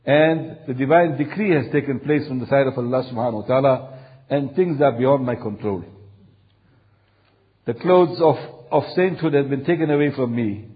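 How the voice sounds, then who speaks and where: A man's voice: medium pitch, normal speed, lo-fi sound. A male preacher telling a long religious story in a sermon, solemn, repeating phrases for emphasis.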